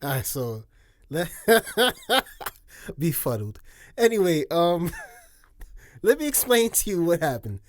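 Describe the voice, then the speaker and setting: A man comments casually on a video clip, laughing often and dropping slangy asides. His pitch is a little high and very lively. The sound is dry and close. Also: takes it slowly, pauses often, no echo.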